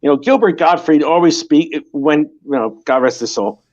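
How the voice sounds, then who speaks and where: A man chatting casually as a guest on a live stream, animated and self-mocking. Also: on the high side, normal speed, dull audio. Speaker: guest artist.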